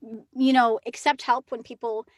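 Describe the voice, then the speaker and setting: A woman actress talking as a guest in a casual interview, chatty and lively with quick asides. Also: a little high, no room sound.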